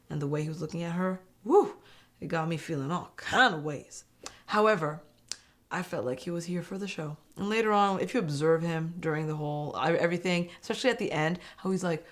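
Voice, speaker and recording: A young woman recapping a reality dating show in a casual, animated and opinionated way, laughing often. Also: sits low. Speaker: host.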